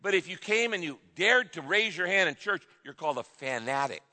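Animated middle-aged pastor preaching. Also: male voice, high-pitched, brisk. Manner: animated, emphatic preaching with sudden shouted exclamations. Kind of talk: sermon. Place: large church hall. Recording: reverberant hall sound.

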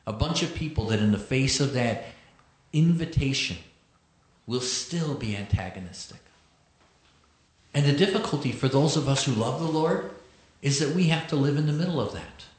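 Male pastor mid-sermon, heavy room echo, slow scripture reading with chatty asides. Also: medium pitch. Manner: reads scripture slowly, then explains with conversational asides. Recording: echoey room.

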